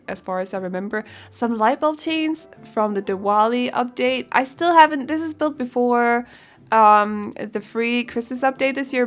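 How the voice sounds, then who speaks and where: A giggly young woman from Denmark, a native Danish speaker and game builder, chats casually in a voice-over. Her voice is on the high side, and she rambles and giggles while searching for words.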